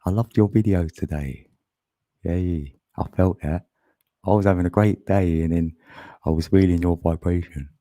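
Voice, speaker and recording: A man's voice: deep voice, fairly even intonation, normal speed, dark tone, no room sound. A man chatting casually on a live stream, laughing often and greeting viewers by name.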